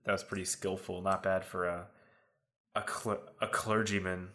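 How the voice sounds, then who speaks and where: Man doing a nervous townsman, deep-voiced, rambling. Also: little pitch movement, moderate pace, bright, forceful tone. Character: worried small-town husband and father.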